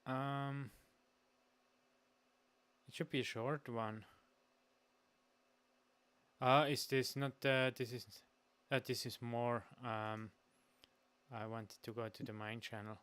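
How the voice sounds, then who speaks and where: A man hosting a casual reaction stream, hesitant and halting with frequent ums and uhs. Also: medium pitch, level tone, fairly bright tone, clear, resonant tone. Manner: slow and hesitant, lots of um and uh while searching.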